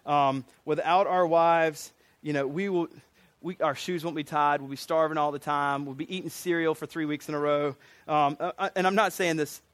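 A man delivers a sermon in an earnest, emphatic manner, often restarting phrases and slipping in light asides. His voice sits a little higher than most men's. The recording is dry and close, with no room echo. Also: fairly even intonation, normal speed, a bit bright. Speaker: preacher.

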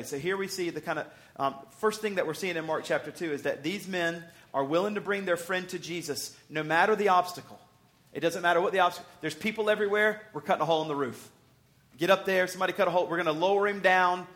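A man's voice: fairly high pitch, a bit bright. A man preaching a sermon as Bible teaching, talking conversationally, often stumbling and restarting, with bursts of emphasis. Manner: restarts and stumbles over words.

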